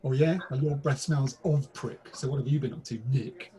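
At a moderate pace, this British man talks in a warm, mid-range voice with a breathy edge. Co-hosting a comedy podcast, he performs scripted pub banter that is both crude and mock-formal, played theatrically.

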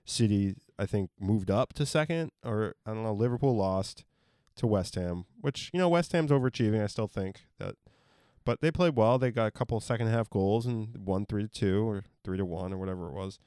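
An easygoing man in his thirties co-hosting a casual sports podcast. His voice is smooth and clear, with a dry, close sound and no room echo. He talks in a relaxed way and hedges his claims. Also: fairly low pitch, a little fast. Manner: easygoing, hedging, laughs often. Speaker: podcast co-host.

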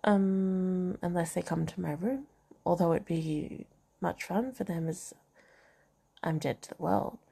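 Brief: woman reading a romance novel aloud, gravelly, dark tone, chatty asides. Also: on the low side, a little slow. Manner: reads dialogue and narration, breaks off to comment and laugh. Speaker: reader of a novel.

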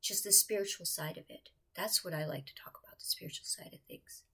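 Husky, gravelly woman sharing a heartfelt testimony. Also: on the low side, a little fast, bright, forceful tone. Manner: earnest and confiding, addressing viewers, drops into whispers. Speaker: churchgoer sharing a faith testimony. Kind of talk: personal testimony to viewers.

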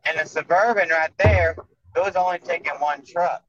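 Man, podcast guest, halting storytelling, muffled lo-fi call, faint hiss. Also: a little high, fairly bright tone. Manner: hesitant storytelling with fillers. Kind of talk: casual podcast chat. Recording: dull lo-fi remote audio.

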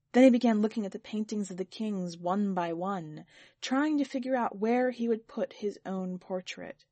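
A woman narrating a literary story for a fiction podcast, in a measured, expressive storytelling voice. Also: mid-range voice, no room sound. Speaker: podcast editor reading fiction. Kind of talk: scripted narration.

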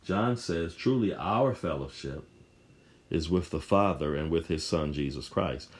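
A man's voice: deep voice, animated, unhurried. A man preaching a sermon, emphatic and repetitive, often restarting his phrases.

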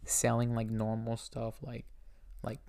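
Young SoCal guy, podcast co-host, excitable, profane, filler-heavy, gravelly voice. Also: mid-range voice, a little slow, no room sound. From Southern California. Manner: excitable, heavy swearing, lots of "like". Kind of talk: casual chat.

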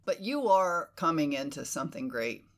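A woman hosting a casual conversation, animated and emphatic, who swears freely and slips into quoted inner voices. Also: deep voice, moderate pace. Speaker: podcast host.

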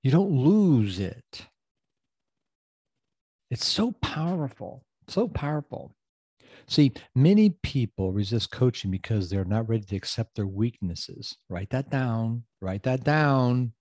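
A man's voice: mid-range voice, a little mellow, no room sound, studio quality. A middle-aged man hosting a motivational coaching podcast, emphatic and casual, often repeating phrases for effect. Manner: casual, loose grammar.

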